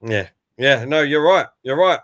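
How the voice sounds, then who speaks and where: A man's voice: mid-range voice, lively intonation, measured pace, fairly bright tone. A man hosting a casual football chat, talking in a friendly way with many hesitations and fillers. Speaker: host.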